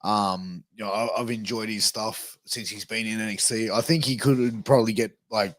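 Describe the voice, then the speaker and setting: A man's voice: fairly low pitch, fairly even intonation, normal speed, no echo. A man co-hosting a wrestling review podcast in casual chat, laid-back and swearing casually. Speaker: podcast co-host.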